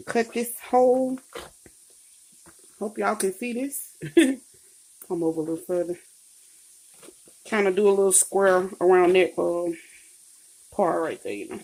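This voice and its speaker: Cooking in her home kitchen, a Mississippi woman with a Southern US accent runs a chatty, homey cook-along for her vlog viewers, speaking straight to them as y'all and honey. Her mid-range voice is gravelly and darkish in tone with a breathy edge.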